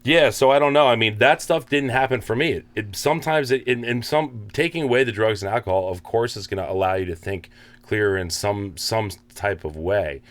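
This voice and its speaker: Blunt, low-voiced man arguing his point. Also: brisk. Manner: blunt, swears, mimics himself loudly. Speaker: podcast co-host. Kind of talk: casual recovery talk.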